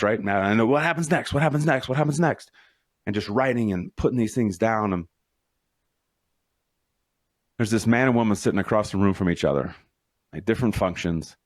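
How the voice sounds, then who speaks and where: A man's voice: lowish voice, no room sound, clean studio sound. A middle-aged man hosting a solo podcast as a leadership coach, telling stories in an earnest, motivational, conversational way.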